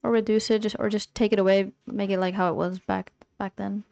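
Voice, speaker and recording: A woman shares easygoing views in a casual gaming panel chat. Her voice is smooth and clear, recorded close and dry. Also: medium pitch, little pitch movement, a little fast, mellow, no room sound, muffled recording.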